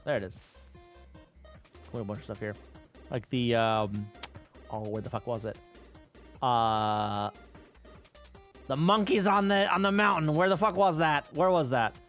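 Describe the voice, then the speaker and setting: A man's voice: mid-range voice, measured pace, long pauses, fairly bright tone, faint music behind. A man livestreaming, casually telling rambling travel stories to his viewers with plenty of swearing. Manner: profane, rambling travel storytelling. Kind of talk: casual chat with stream viewers.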